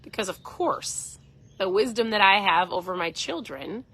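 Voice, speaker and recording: Bright-voiced woman coaching on a live stream. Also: medium pitch, expressive, unhurried. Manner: chatty, earnest, coaching tone. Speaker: keto coach and host. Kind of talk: casual live-stream talk.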